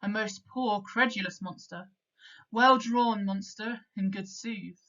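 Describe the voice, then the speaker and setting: A woman's voice: mid-range voice, slow, a bit bright, highs cut off. A woman reading as Trinculo, mocking jester. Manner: plain reading aloud of verse.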